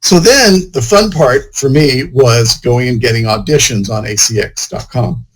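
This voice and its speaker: A man's voice: mid-range voice, unhurried, breathy edge, rough recording. A man, an author, chatting casually in an interview, rambling and full of "you know" fillers. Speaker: author and guest.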